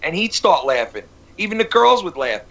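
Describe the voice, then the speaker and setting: A man's voice: high voice, very animated, moderate pace, vocal fry, a bit bright. A man hosting a casual live show, rambling through crude stories and swearing constantly. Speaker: host. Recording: dull lo-fi stream audio.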